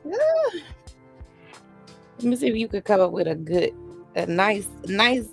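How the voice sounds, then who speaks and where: A woman's voice: medium pitch, measured pace, gravelly, faint music behind. A woman hosting a writing livestream, chatting casually and encouraging viewers, her voice shaking from a vibration plate. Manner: chatty, encouraging, uses y'all and sis. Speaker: livestream host of writing sessions.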